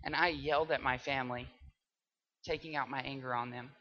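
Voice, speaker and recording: A young man giving a memorized persuasive speech, swinging between hushed, quiet passages and loud, dramatic ones. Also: medium pitch, fairly even intonation, a little fast. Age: young adult. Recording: dull lo-fi recording.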